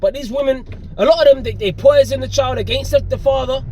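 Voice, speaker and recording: A man's voice: very high voice, a little fast, background noise. A man preaching a confrontational, profane sermon outdoors, cursing and calling listeners "man" over and over. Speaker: religious preacher.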